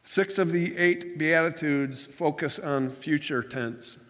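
Guy giving a sermon in a church, kinda high-ish voice, long echo off the walls. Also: slow pace, a bit bright. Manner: earnest, plainspoken storytelling with restarts. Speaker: pastor. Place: church sanctuary. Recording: long hall reverb.

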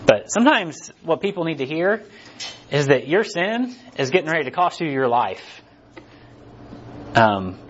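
A man's voice: fairly high pitch, slightly rough, highs cut off. A man teaching a Bible study, retelling scripture in a loose, conversational way with casual slang.

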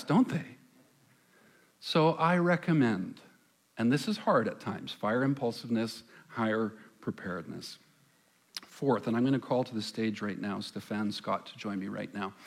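A man preaching a sermon as pastor on a church stage, conversational, asking the congregation questions and pausing for effect. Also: medium pitch. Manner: conversational, asks the congregation questions, dramatic pauses.

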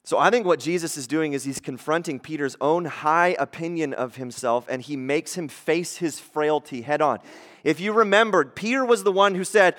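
A man preaching a conversational sermon, swinging from hushed to emphatic, in a church sanctuary. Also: fairly high pitch, moderate pace. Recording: long hall reverb.

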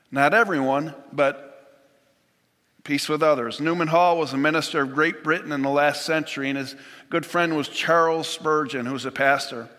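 A man preaching a sermon in an earnest, measured way, quoting scripture and retelling stories. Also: a little high, fairly even intonation, bright, forceful tone, in a large hall. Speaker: pastor.

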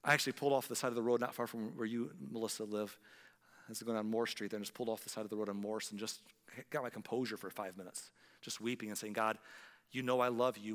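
Earnest pastor preaching in a reverberant hall. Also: male voice, lowish voice, fairly even intonation, fast. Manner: earnest, emotional, swings from loud emphasis to hushed. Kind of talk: sermon.

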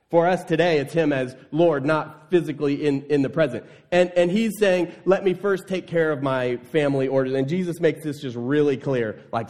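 A man's voice: a little high, darkish tone. A male pastor preaching a sermon in an emphatic, conversational way, often asking the congregation rhetorical questions.

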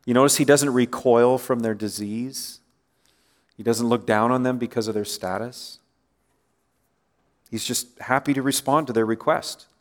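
A man's voice: medium pitch, fairly even intonation, a little slow, pauses often. A man preaching a sermon in a conversational way, often asking listeners rhetorical questions and letting his voice drop at the ends of phrases. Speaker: pastor.

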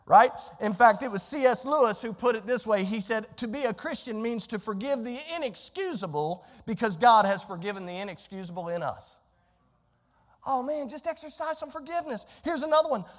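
A man preaching a sermon as pastor, swinging between soft asides and loud emphatic lines, sometimes acting out the inner complaints of his listeners. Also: very high-pitched, long reverb tail. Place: church sanctuary.

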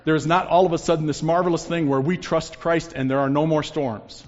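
A man's voice: fairly even intonation, a little fast. Preaching man in an echoing hall. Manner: dramatic shifts between loud emphasis and hushed low lines. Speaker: pastor. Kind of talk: sermon. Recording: long reverb, dull lo-fi sound.

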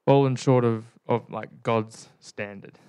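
Smooth-voiced man chiming in. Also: medium pitch, steady tone, unhurried, dark tone. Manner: brief agreeing replies, teasing.

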